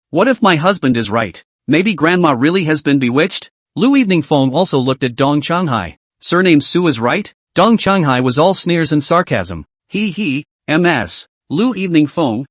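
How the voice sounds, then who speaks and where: A man's voice: a little high, no room sound. A man narrating a comic story recap, reading every part in much the same voice.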